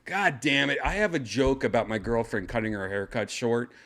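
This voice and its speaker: A man's voice: mid-range voice, moderate pace, a bit bright. An older man hosting a casual show from his home, rambling and joking crudely. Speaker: host. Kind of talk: casual chat. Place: second-floor home room.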